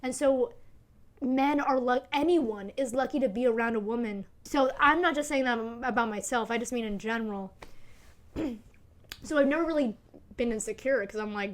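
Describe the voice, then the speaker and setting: A twenties-something woman hosting her own podcast is visible on camera as she records. Her voice sits on the high side at a normal speed, and her casual talk rambles emphatically with lots of fillers and swearing.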